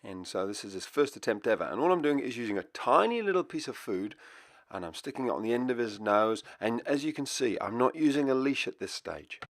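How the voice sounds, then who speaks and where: A man's voice: mid-range voice, lively intonation, fairly quick, no echo, studio quality. A man who trains dogs, giving an upbeat, explanatory voice-over lesson. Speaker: dog trainer. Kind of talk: instructional voice-over.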